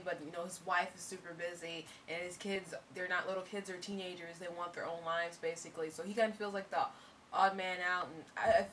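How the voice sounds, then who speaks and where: A young woman co-hosting a casual TV review chat, talking in an animated way with many fillers and restarts. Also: lowish voice, slight background noise. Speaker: co-host of a TV review show.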